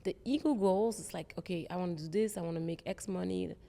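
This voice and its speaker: Gravelly-voiced woman telling her career story. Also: fairly low pitch, fast talker, mellow, long reverb tail. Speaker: guest, tech executive. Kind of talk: interview conversation.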